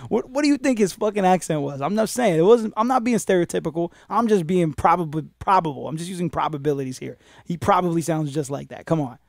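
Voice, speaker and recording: This podcast host's voice is a little high and creaky, and he talks fast with few pauses in a studio-quality recording with no room sound. On his comedy show he reads strange news items aloud and riffs on them, swearing a lot. Animated throughout, he does put-on voices whenever he quotes someone.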